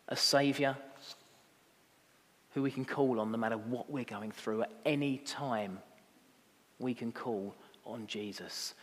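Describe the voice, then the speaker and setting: A man preaching a sermon as pastor, rising to impassioned emphasis and dropping to quiet reflection. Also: medium pitch. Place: church. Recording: long reverb of a church hall.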